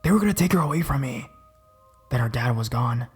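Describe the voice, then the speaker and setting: A man's voice: mid-range voice, expressive, brisk, husky, soft background music. A man reading a horror story, voicing a giddy, cruel mother who talks in a babyish little-girl voice and giggles gleefully. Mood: breathless.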